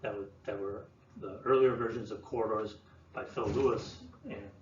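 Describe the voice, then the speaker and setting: A man presenting to an audience, explaining in a relaxed way with many fillers and restarts. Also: fairly low pitch, normal speed. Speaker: land use planner presenting. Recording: roomy, distant, dull sound with faint room noise.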